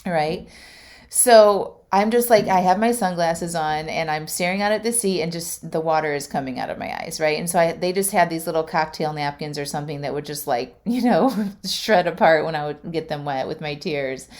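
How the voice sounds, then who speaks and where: A woman's voice: low-pitched, normal speed, darkish tone. A middle-aged woman hosting a podcast as a life coach, telling a personal story in a chatty, emotional way with lots of fillers. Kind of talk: casual storytelling monologue.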